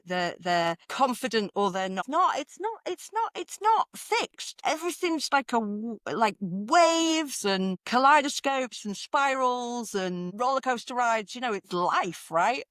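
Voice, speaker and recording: A woman, a confidence coach talking in an energetic, conversational way and repeating phrases for emphasis. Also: mid-range voice, no room sound, studio quality. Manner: animated, repeats phrases, sings affirmations in varied inflections. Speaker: confidence coach, podcast guest.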